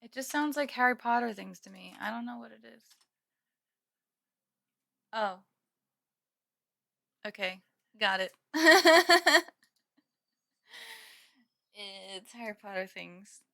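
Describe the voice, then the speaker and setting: A woman's voice: on the high side, lively intonation, takes it slowly, vocal fry, pauses often, sharp tone. A young woman live-streaming from home, chatting casually with viewers and laughing often. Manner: giggly, chatty, reads chat aloud.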